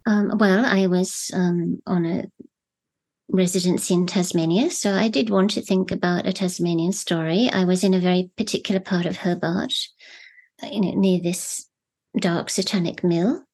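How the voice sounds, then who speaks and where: A woman's voice: lowish voice, steady tone, a little mellow. Thoughtful middle-aged woman novelist. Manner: thoughtful, measured, searching for words. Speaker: novelist guest. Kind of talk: reflective interview talk.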